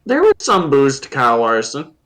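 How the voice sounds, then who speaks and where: A man's voice: medium pitch, moderate pace. A man with an ordinary mid-range voice tells loose, rambling stories on a casual podcast. He fills gaps with "um" and "like" and acts out his own reactions in quotes. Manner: relaxed storytelling with fillers and quoted asides. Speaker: podcast guest.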